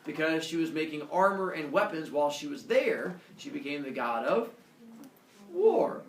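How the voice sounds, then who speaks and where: Animated, gravelly male teacher. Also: on the high side, fairly quick. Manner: animated, playful storyteller. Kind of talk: classroom storytelling. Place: classroom. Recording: echoey classroom from a distance.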